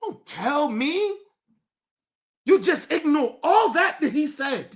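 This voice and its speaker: A man hosting his own show, delivering an impassioned, profane commentary rant that swings between shouting and low, intense talk. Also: very animated, slow pace. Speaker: show host.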